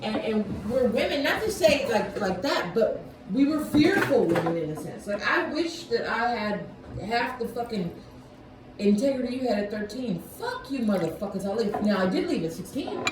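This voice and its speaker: A woman's voice: fairly high pitch, sing-song, moderate pace. Brief: agitated, profane woman storyteller, many restarts, noisy echoey room. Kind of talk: heated casual conversation. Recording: echoey room with loud background noise.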